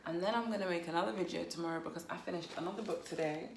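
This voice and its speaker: A woman giving a casual, chatty book review, playful and quick to laugh at herself. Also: lowish voice, creaky, noisy background. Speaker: book vlogger. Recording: roomy echo.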